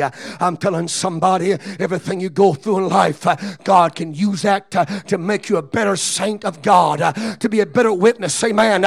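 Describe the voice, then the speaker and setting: A man preaching a Pentecostal sermon as pastor, moving from quiet, low-key musing to shouted, rhythmic exhortation punctuated with "uh.". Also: moderate pace, gravelly, hardly any pauses.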